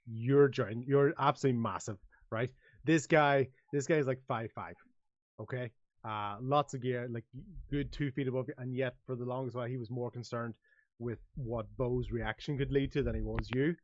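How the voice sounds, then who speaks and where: A man narrating a tabletop game as its game master, at a middling pitch, with halting delivery and frequent fillers. His voice comes through dull and lo-fi, very dry. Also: fairly even intonation, no echo. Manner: hesitant, full of fillers.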